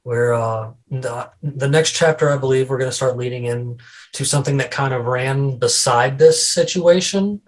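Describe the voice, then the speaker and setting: A man's voice: mid-range voice, moderate pace, rough recording. A man hosting a casual podcast, talking loosely with repeated words and restarts. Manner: rambling, repeats words, tells corny jokes. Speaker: podcast host.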